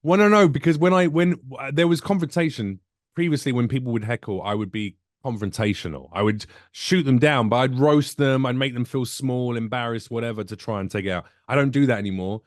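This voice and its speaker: A man's voice: mid-range voice, fairly quick, dry recording. Storytelling man, dry close sound. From United Kingdom. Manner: animated, jokey, acts out voices in his stories. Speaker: comedian guest. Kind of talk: casual storytelling chat.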